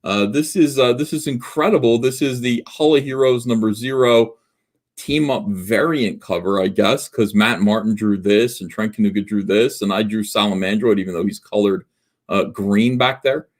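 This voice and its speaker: A lowish male voice at normal speed hosts a casual livestream. The man, in his forties, reads viewer comments while rambling and making fun of himself, with many restarts and fillers.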